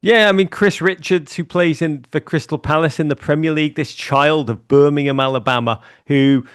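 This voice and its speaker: A man, a guest telling lively anecdotes in a casual interview. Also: on the high side, smooth. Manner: animated anecdotes, fast asides. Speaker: guest, media founder and author.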